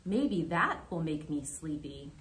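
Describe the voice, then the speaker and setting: A woman voicing a sleepless young male groundhog who grumbles quickly in a storybook reading. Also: low voice, big pitch swings, echoey room, a little hiss or hum, exaggerated voice. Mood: restless.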